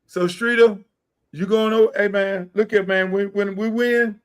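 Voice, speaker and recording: A middle-aged man hosting a casual podcast, loud and joking, often bursting into excited shouts. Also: sits high. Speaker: podcast host.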